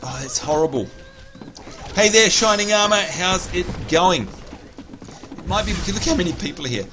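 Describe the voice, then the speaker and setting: A man talks his way through a live game stream in a slightly high voice, chatting to viewers and sighing at glitches. The home recording carries a clear bed of noise under his voice. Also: lively intonation, moderate pace, sharp tone. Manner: chatty, exasperated at bugs, talks to chat. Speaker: game livestreamer. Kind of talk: casual live gameplay commentary.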